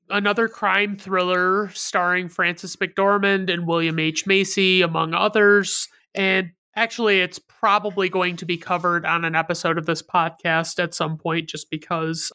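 A woman hosting a podcast in a loose, candid chat that drops in a swear now and then. Her voice is fairly low yet bright and forward. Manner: relaxed, candid, swears casually. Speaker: podcast host. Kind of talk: casual chat.

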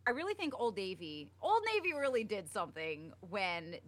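A woman's voice: medium pitch, huge pitch swings, moderate pace, a bit bright. A young woman co-hosting a podcast in casual chat, talking with many fillers. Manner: chatty, uses many fillers like "like" and "um". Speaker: podcast co-host.

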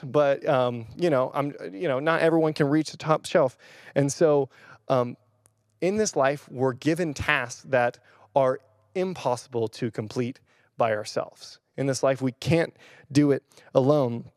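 A young male pastor preaching in a loose, conversational way, with lots of fillers and restarts. His voice sits at an ordinary middle pitch. It is recorded close and dry, with no room echo. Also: a little slow, a little mellow. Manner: chatty, rambling with fillers and restarts. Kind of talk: casual sermon with personal story. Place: church or room filmed on camera.

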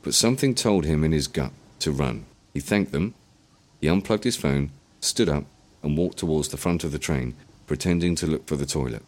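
A man narrating an audiobook in an expressive storytelling manner. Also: very deep voice, normal speed.

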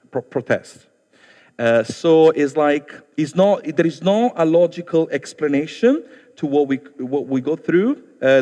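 A man with an Italian accent preaches a sermon in a fairly high voice. He talks earnestly and conversationally and often turns to address the congregation directly. A long reverb from a large hall trails after his words. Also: darkish tone.

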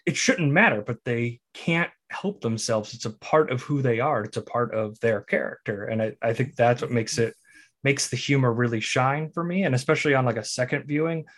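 A man's voice: mid-range voice, moderate pace, fairly bright tone. A man co-hosting a podcast who casually talks through a film and sets up its clips. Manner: explains plot and sets up clips. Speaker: podcast co-host.

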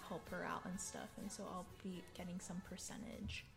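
A woman's voice: lowish voice, little pitch movement, moderate pace, gravelly, over music. A young woman co-hosting a casual podcast chat, drawling along with frequent fillers and laughter. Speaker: podcast co-host.

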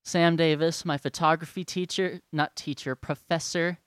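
A man's voice: on the high side, steady tone, normal speed, fairly bright tone, clear, resonant tone, no echo, clean studio sound. A young man ranting, heated, profane and sarcastic. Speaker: vlogger. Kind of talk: angry rant.

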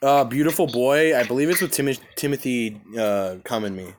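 A young adult man hosting a podcast in casual chat, talking in an excitable, profane, animated storytelling way. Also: medium pitch, a little fast, slight background noise. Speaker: podcast host.

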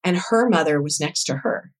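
A woman with a slightly low voice speaks as a podcast guest, recounting her own experiences. She talks in an earnest, reflective way and stays emotionally open. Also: lively intonation, moderate pace. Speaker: guest, doula coach. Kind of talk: personal storytelling in conversation.

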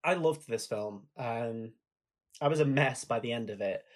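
Guy cohosting a film podcast, excited and chatty, laughs a lot telling scenes. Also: mid-range voice, a little slow. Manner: enthusiastic, retells scenes with laughs. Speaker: podcast co-host. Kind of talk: casual film chat.

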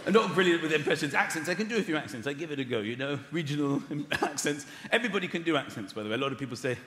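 Animated stand-up comedian man. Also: a little high, racing, few pauses. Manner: animated, acts out voices. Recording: live hall, echoey, loud audience noise.

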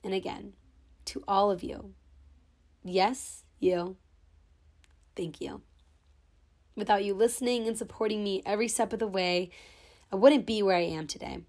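A young woman hosts her podcast alone in front of her camera, speaking with open sentiment. She sounds close to tears but keeps talking steadily, her voice at an ordinary middle pitch. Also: a little slow, pauses often, a little mellow. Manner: sentimental, tearful but holding back. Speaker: podcast host. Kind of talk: heartfelt podcast monologue. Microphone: own camera.

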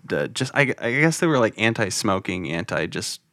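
A young man in casual podcast chat, rambling with restarts and quick to laugh. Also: fairly low pitch, sing-song, pushed and bright, dry recording, studio quality. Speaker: podcast co-host.

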